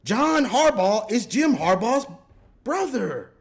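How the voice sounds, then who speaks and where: A high-pitched man rants about his team, exasperated and animated. He circles back on the same points again and again. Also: takes it slowly, creaky. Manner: exasperated, repetitive, animated with laughs. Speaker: sports commentator. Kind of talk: ranting fan commentary.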